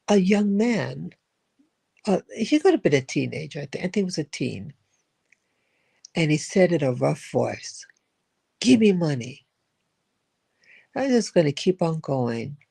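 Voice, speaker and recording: An older speaker recounts a personal encounter in a slow, unhurried monologue. The voice is gravelly and husky with a warm, mellow tone. The speaker drifts and repeats words while searching for the thread. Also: medium pitch. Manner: rambling, with frequent repeats and restarts. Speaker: spiritual vlogger. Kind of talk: reflective storytelling monologue.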